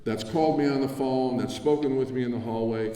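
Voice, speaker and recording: A man's voice: medium pitch, steady tone, a little fast, mellow. An older man from New Jersey giving an award acceptance speech at a convention, reminiscing in a conversational way with asides. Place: large convention hall. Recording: echoey hall from far off.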